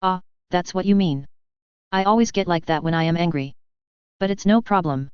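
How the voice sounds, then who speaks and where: A woman's voice: on the low side, normal speed, clear, resonant tone, no echo, highs cut off, lightly acted. Woman doing a stubborn young fighter guy, offhand and defiant, clean dry audio. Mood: casual. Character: brash young male fighter, stubborn and casual.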